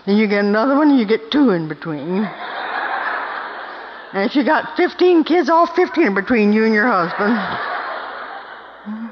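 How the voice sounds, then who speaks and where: A woman's voice: a little high, expressive, normal speed, long pauses, background noise. An older woman giving a folksy, emphatic storytelling talk to a women's meeting, often checking in with the listeners. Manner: emphatic, asks the audience "Hmm?". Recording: dull recording in a long-echo hall.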